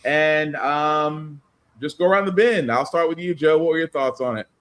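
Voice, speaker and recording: A man's voice: a little high, normal speed, fairly bright tone. A man hosting a casual podcast chat, leading the talk and handing topics to his co-hosts. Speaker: podcast host.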